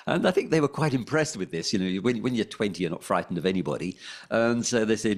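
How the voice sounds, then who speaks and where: A man's voice: fairly low pitch, animated, fast. Middle-aged London man, former radio DJ, casual loose interview talk at a desk mic. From England. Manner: rambling, many fillers and restarts. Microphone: desk microphone.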